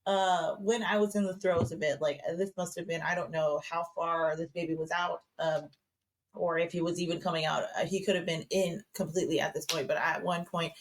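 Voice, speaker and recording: Chatty woman guest, lowish voice. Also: flat delivery, normal speed. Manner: chatty storytelling, many fillers and restarts. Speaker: podcast guest. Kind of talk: casual podcast conversation.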